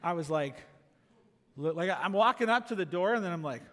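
A man preaching a sermon as pastor, asking rhetorical questions and going quiet for quoted asides. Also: high-pitched, animated, a little fast. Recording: long echo of a large hall.

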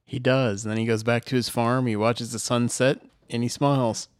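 A male podcast co-host with a wry, measured manner. His mid-pitched voice is recorded dry and close, with no room sound. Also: little pitch movement, no room sound. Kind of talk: casual chat.

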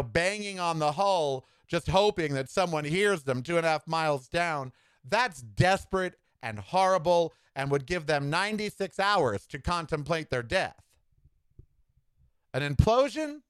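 Sassy, animated male podcast host. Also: clear, resonant tone, dry recording. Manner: sassy, campy asides like "honey" and "child"; dramatic swings in pitch and tempo. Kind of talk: opinionated solo podcast monologue.

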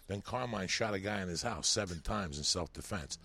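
Husky new comedian, swearing a lot, rambling stories, dry close sound. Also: male voice, low voice, expressive, a little fast, sharp tone, dry recording. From New York. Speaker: comedian guest. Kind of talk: profane podcast storytelling.

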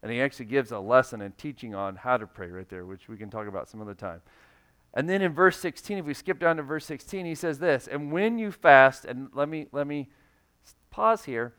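A man's voice: medium pitch, animated, brisk, fairly bright tone, clean tone. Man preaching a conversational sermon. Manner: conversational, acts out quoted voices. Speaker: pastor.

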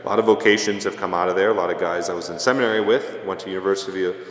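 Casual storytelling priest in echoey church. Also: male voice, deep voice, rapid-fire, a bit bright. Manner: casual, self-deprecating storyteller. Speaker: parish priest. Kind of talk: storytelling homily. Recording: echoey church with long reverb.

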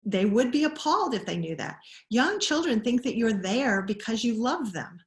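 A middle-aged woman explaining child attachment in an interview, thoughtful, pausing and restarting her sentences often. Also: on the high side, lively intonation. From Scotland. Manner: thoughtful, many restarts and pauses. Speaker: guest expert on child attachment. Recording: roomy echo.

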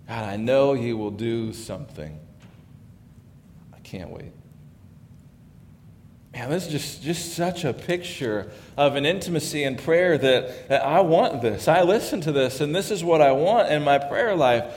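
A man preaching a sermon in a church sanctuary, talking conversationally and dropping to hushed tones when he reads scripture. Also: medium pitch, expressive, a little slow, big-room sound, a little hiss or hum. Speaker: pastor.

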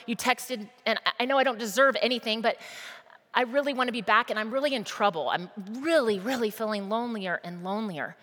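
A woman preacher voicing a remorseful, lonely teenage son who apologizes haltingly, heard in a hall with a long reverb. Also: fairly high pitch, fairly bright tone, voice pushed up, lightly acted.

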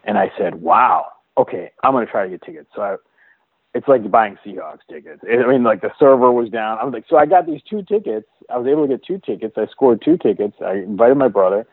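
A man telling his own story as an interview guest, earnest and halting, restarting and repeating words as he goes. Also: mid-range voice, animated, breathy edge, no room sound. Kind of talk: personal storytelling in a conversation. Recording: dry, phone-like narrow sound.

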